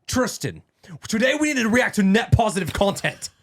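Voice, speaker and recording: A man's voice: high voice, very animated, normal speed, gravelly, fairly bright tone, voice pushed up, full character voice. A man putting on a comic, exaggerated impression of a brash, swaggering male influencer. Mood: mocking. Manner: mock-serious, exaggerated impression.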